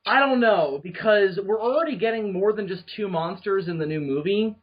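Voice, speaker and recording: A man's voice: sits high, normal speed. A man hosting a casual podcast chat, talking in a hesitant way with many fillers over a muffled lo-fi recording. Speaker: podcast host.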